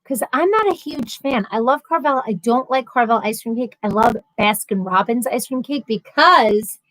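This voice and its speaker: A woman's voice: a little high, animated, moderate pace, fairly bright tone, no room sound, low-quality recording. Chatty woman hosting a livestream. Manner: chatty, sarcastic, reads comments aloud. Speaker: livestream host. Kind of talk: casual chat reading viewer comments.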